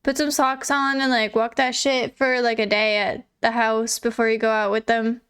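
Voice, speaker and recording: Young woman streamer, laid-back chatter, slightly high, clear and smooth voice, cusses casually. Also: flat delivery, normal speed, a bit bright. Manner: chatty, swears casually, laughs often. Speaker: livestreamer. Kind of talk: casual chat reading viewer messages.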